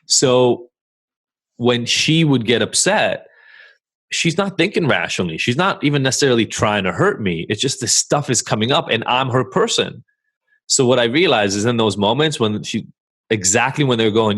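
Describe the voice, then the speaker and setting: A man co-hosting a podcast, speaking frankly and reflectively in a measured way with listeners. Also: medium pitch, animated, fairly bright tone. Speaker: podcast co-host. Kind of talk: candid conversation with listeners.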